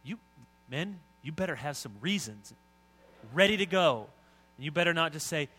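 A middle-aged male pastor preaches with a bright, forceful voice pitched a little high. He talks to the room conversationally, sometimes slipping into mock voices, then builds to emphatic lines. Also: animated, normal speed. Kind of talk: sermon.

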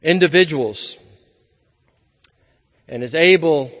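Earnest high-voiced preacher, echoing hall. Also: male voice, slow, a bit bright. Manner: earnest, emphatic, with repeated phrases. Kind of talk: evening sermon.

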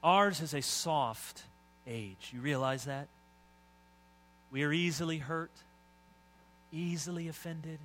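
Bright-voiced male preacher, conversational. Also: fairly high pitch, slow, pauses often. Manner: conversational preaching that breaks into mock voices and rising emphatic lines. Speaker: pastor. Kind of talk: sermon.

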